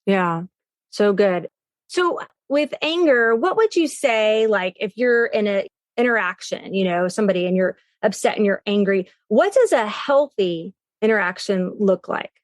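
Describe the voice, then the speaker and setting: A woman's voice: mid-range voice, lively intonation, no room sound, studio quality. A woman hosting a podcast, affirming her guest and chatting casually about her own relationship. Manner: affirming and chatty, quick agreeing responses. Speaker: podcast host. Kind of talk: casual conversational interview.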